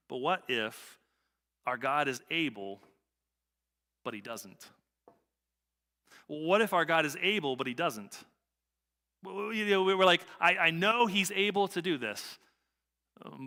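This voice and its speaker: A man's voice: fairly high pitch, bright, forceful tone. A man preaching a sermon as pastor, talking casually and conversationally and tagging lines with "right?". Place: church sanctuary. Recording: church hall reverb.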